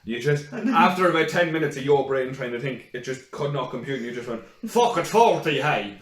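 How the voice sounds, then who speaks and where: A man's voice: mid-range voice, steady tone, a little fast, a bit bright, reverberant, distant mic. A man bantering and cracking jokes in casual chat, swearing freely. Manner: jokey, profane banter.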